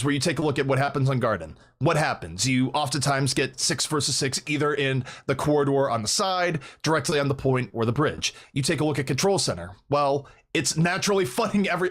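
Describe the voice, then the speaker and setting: A man from Minnesota casting an esports match, breaking down maps and results in a quick, analytical way. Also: mid-range voice. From Minnesota, United States. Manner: fast analytical play-by-play breakdown. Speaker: esports caster. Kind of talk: esports commentary.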